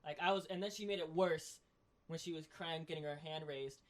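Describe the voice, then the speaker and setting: A man co-hosting a casual podcast, talking in an excitable, animated way as a sports fan. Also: on the high side, fairly quick. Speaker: podcast co-host. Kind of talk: casual chat.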